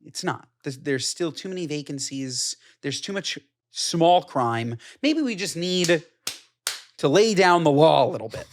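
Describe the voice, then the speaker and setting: A man's voice: a little high, animated, unhurried. Podcast co-host guy, chatty, keeps saying stuff like so good over and over. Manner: enthusiastic, repeats short agreements. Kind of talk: casual chat.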